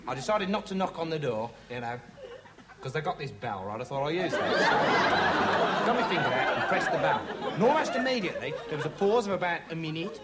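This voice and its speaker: A clueless, earnest young investigator type for a TV sketch; high, swooping, rambling, with a laughing studio crowd. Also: male voice, sing-song, brisk. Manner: meandering, earnest, full of 'like' and 'right'. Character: dim rambling young man playing a self-styled investigator. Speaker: comic investigator character. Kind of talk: rambling comic monologue to camera. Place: TV studio before a live audience. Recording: TV studio with audience laughter and noise.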